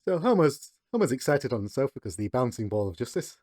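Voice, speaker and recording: A man's voice: medium pitch, big pitch swings, fast, darkish tone. A man co-hosting a podcast, recapping a cartoon episode in casual chat and chuckling between beats.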